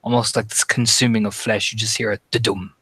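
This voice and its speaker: A man's voice: fairly low pitch, level tone, a little fast, pushed and bright, breathy edge, no echo. A man narrating as game master of a tabletop horror game, dramatic and imitating heartbeats. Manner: dramatic, mimics heartbeat sounds.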